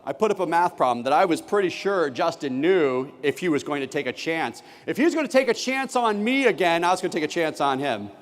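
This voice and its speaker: Keynote speaker, man, high and very lively voice, acts out every line of dialogue, big hall with long reverb. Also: a little fast, few pauses. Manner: animated, acts out classroom dialogue. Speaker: keynote speaker, former teacher. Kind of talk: conference keynote storytelling. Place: large conference hall.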